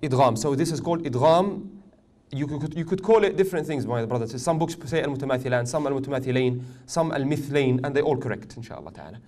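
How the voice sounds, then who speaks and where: A man's voice: medium pitch, very fast. Man teaching a recitation class. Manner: questions the class often, with gentle joking. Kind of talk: classroom tajweed lesson.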